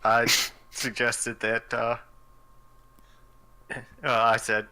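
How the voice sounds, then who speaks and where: A man's voice: lowish voice, moderate pace, sharp tone. A man playing a tabletop game over online voice chat, dry and matter-of-fact. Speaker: player.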